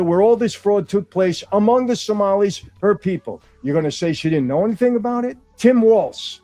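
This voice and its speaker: A man's voice: high voice, mellow. A male political commentator speaking insistently and repeating rhetorical questions. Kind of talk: opinion commentary.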